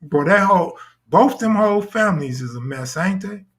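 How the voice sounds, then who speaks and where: A man's voice: sits high, lively intonation, moderate pace, a bit bright. A man hosting a live stream in casual talk, full of crude, boastful joking banter.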